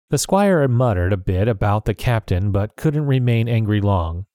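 A man narrating a storybook in an even, clear storytelling voice. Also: mid-range voice, moderate pace, no echo, clean studio sound. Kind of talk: storybook reading.

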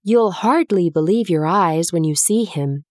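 A woman reading a storybook, voicing a stern middle-aged housekeeper with a brisk, confiding manner. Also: lowish voice, expressive, darkish tone, dry recording, clean studio sound.

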